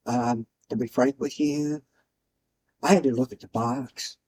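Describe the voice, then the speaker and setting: A man's voice: mid-range voice, dark tone. A middle-aged man with a Southern US accent, chatting his way through a casual cooking demonstration in a folksy, homey manner. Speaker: cooking channel host.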